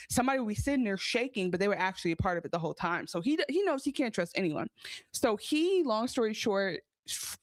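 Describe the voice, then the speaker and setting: A woman co-hosting a podcast, recapping a TV episode in casual chat. She talks in an animated way, swears, and acts out her own reactions. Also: mid-range voice, dry recording. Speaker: podcast co-host.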